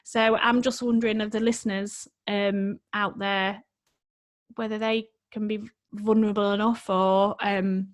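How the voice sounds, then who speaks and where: On a relaxed podcast, a life coach who is an adult, married, and a mother talks with earnest emotion, frequently starting her sentences over. She has a medium-pitched voice, a level tone, and a measured pace.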